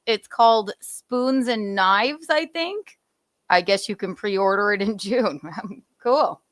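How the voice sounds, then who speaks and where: A woman's voice: medium pitch, takes it slowly, fairly bright tone. A woman co-hosting a podcast, chatting casually with swearing and asides. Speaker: podcast co-host.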